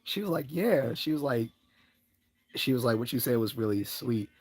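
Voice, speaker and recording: At normal speed and in a darkish tone, a man hosting a livestream rambles casually through a personal story. Frequent laughs punctuate it, and he raises his pitch when performing what people said.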